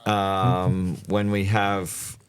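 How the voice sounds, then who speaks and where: A man's voice: low-pitched, little pitch movement, extremely slow, crowd noise. A man with an Australian accent chatting casually on a podcast as a guest, rambling with many fillers as he explains things. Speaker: former bike messenger guest.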